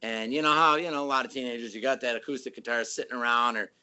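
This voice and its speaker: Older guest musician, storyteller who does voices, animated delivery. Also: male voice, medium pitch, fast, clean tone, highs cut off. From Chicago area, USA. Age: 60s. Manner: animated, acts out voices in stories. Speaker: band member guest. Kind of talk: casual storytelling.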